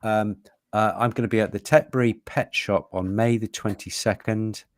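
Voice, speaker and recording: Male co-host, low and dry, rambling and jokey. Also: steady tone, normal speed, no echo. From England. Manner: rambling, joking, self-mocking. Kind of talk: casual live show chat.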